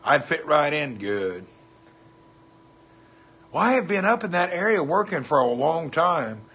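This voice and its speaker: A man with a Southern US drawl hosts a casual livestream, talking in a friendly, folksy way. His voice sounds husky, with a bright, forward edge and a slightly high pitch. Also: sing-song, measured pace. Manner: folksy, chatty, greets viewers by name. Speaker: livestream host. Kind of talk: casual livestream chat reading comments.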